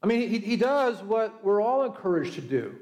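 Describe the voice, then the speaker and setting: A man's voice: high voice, very animated, normal speed, a little mellow, echoey room. A middle-aged male pastor preaching a sermon, telling the story conversationally and acting out the quoted voices. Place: church.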